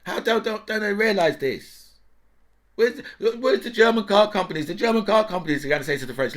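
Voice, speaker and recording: A man's voice: high voice, animated, fairly quick, a bit bright. A middle-aged man giving an indignant, mocking political rant, tagging lines with "right?" and "yeah". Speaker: political commentator. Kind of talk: ranting political monologue.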